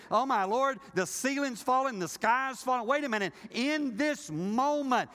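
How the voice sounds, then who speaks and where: Preaching in a reverberant hall, an older male pastor delivers a lively sermon full of jokes aimed at his congregation, performing the voices he quotes. His voice is high.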